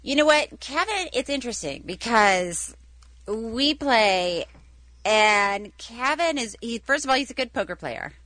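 Bright, giggly actress on radio. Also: female voice, on the high side, animated, a little slow, no room sound. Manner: giggly, playful. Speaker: guest actress. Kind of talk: casual radio chat.

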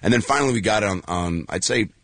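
This man has a low, deep voice and tells his stories in a loose, chatty ramble, full of fillers and restarts. He slips into lively put-on voices when quoting people. The sound is close and dry, with no room echo. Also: quick pace. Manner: animated storyteller who acts out quoted voices. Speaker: actor and guest. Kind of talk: casual anecdotal chat.

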